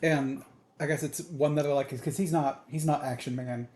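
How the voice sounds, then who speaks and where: Man co-hosting a relaxed movie chat. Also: a little high, moderate pace. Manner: relaxed, chimes in with short replies. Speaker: co-host. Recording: echoey room.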